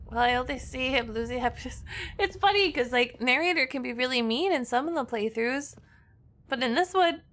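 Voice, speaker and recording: A woman's voice: sits high, lively intonation, fairly quick, a bit bright, a little hiss or hum. A young woman streaming a game, chatting casually and playfully, giggling and humming silly noises. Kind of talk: casual gameplay commentary.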